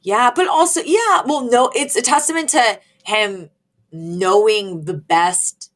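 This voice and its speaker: A woman co-hosting a podcast, chatting casually as she recaps a sitcom episode and acts out the characters' lines. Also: slow. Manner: animated, acts out quoted lines in a higher voice. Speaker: podcast co-host.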